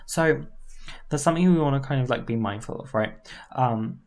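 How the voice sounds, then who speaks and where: A woman voice coach giving a casual, informal lesson, often tagging her points with a quick question and trying out demonstration voices. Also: rumbling low. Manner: relaxed and informal, with frequent fillers and tag questions.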